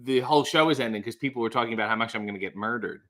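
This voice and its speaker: Man, livestream host, bright tone, casual chat reading, dry sarcastic asides, at home indoors. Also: medium pitch, racing.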